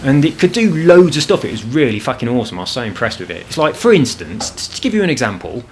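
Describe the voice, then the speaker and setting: Very animated and talking fast, a gaming channel host with a medium-pitched, slightly mellow voice chats over gameplay at his home apartment, with slight background noise. He rambles freely, cursing about what frustrates him.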